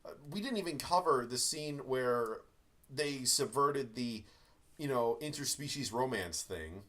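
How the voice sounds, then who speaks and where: A man co-hosting a podcast, chatting casually about a movie with jokes and the odd swear word. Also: mid-range voice. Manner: animated, swearing, quick jokes. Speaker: podcast co-host. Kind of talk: casual movie review chat.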